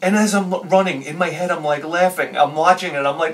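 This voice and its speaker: Excitable male vlogger telling a story, bursts loud then drops quiet, slightly raised pitch, miked from a distance. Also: a little fast. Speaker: video host. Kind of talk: animated personal storytelling.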